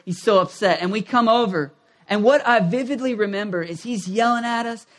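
High-voiced man preaching a lively sermon. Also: brisk. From United States. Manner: animated, acts out quoted voices, rises to near shouts. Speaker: pastor.

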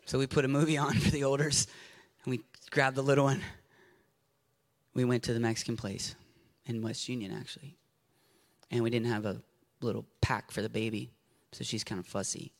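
A man preaching a sermon, building to shouted passion and then easing into quiet storytelling. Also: medium pitch, steady tone, normal speed, gravelly.

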